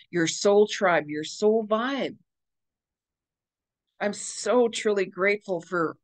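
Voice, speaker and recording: A woman with a slightly low voice talks through an astrology forecast as a psychic medium. She speaks casually and gushes in a spiritual way, repeating her phrases over and over. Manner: gushing, repetitive, spiritual.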